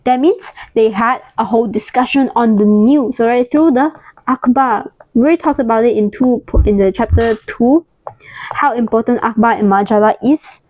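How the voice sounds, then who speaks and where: A woman's voice: fairly high pitch, normal speed, darkish tone. A woman giving a casual exam-prep history lesson, explaining terms and throwing in playful acted asides. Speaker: history tutor.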